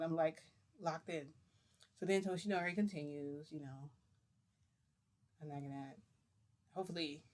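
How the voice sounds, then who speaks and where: A woman vlogger telling a story to camera in a rambling, chatty way, with fillers and laughs. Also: fairly low pitch.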